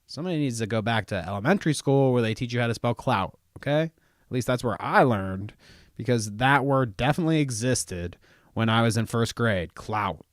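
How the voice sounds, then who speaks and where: Man, southern us accent, rambling profane show host, lively up-and-down voice, dry close sound. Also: mid-range voice, fairly quick, no echo. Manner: joking, rambling, laughs often and swears freely. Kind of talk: profane reaction commentary on a clip.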